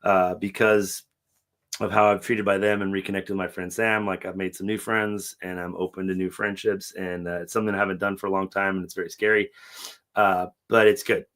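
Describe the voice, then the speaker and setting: Bright-voiced man, swearing, acting out quotes. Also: low voice, flat delivery, a little fast. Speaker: podcast co-host. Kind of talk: emotional casual conversation.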